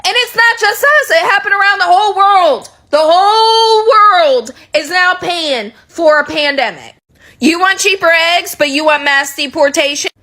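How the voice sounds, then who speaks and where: A woman's voice: extremely high pitch, expressive, a little slow, pushed and bright. Fired-up profane woman ranting. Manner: heated, profane, sarcastic. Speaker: social media commentator. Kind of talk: ranting to camera.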